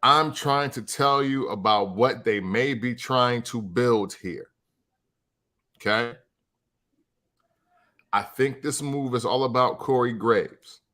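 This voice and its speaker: A man's voice: medium pitch, takes it slowly, long pauses, bright, forceful tone. A man co-hosting a casual podcast, laid-back and laughing often. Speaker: podcast co-host.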